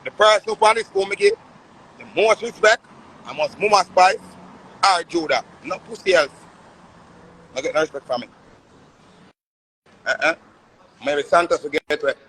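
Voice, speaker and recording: A man in his thirties with a Jamaican Patois accent talks on a live stream in a somewhat high voice. He rants in an emphatic, boastful way and hammers the same phrases over and over. Faint vehicle noise sits in the background. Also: sing-song, moderate pace, creaky, pauses often, pushed and bright. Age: 30s. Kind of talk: casual live-stream rant.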